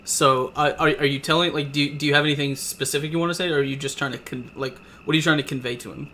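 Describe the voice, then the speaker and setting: A man's voice: on the high side, steady tone, fast talker, sharp tone, slight background noise. A man running a tabletop role-playing game as game master, narrating with hesitant, filler-heavy speech. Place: home setup with camera.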